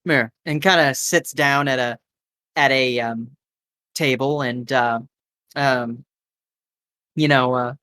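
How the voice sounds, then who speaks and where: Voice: medium pitch, fairly even intonation, takes it slowly, long pauses, sharp tone, no room sound, studio quality. A game master narrating a live tabletop game in a loose, improvised way with many fillers and restarts.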